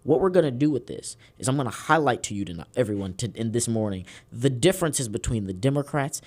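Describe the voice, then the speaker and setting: A man with a Southern US drawl hosts a casual political podcast. He jokes, rambles and leans hard on words for effect. His voice is mid-pitched. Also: lively intonation, quick pace, darkish tone. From Houston, Texas. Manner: joking, rambling, theatrical emphasis. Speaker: podcast host.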